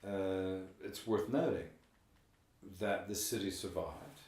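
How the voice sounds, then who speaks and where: A middle-aged man hosting a podcast in a room of an old building, chatting in a rambling, animated way that often trails off. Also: low voice, slow, recorded from a distance. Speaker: podcast host. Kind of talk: casual podcast chat. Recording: roomy, from off the mic.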